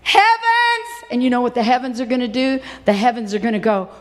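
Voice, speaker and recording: A woman delivers a fervent sermon in a church. Her voice sits on the high side, and it rings with a long reverb through the hall. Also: fairly even intonation, quick pace, a little mellow. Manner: impassioned, dramatic, acts out quoted voices. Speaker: preacher.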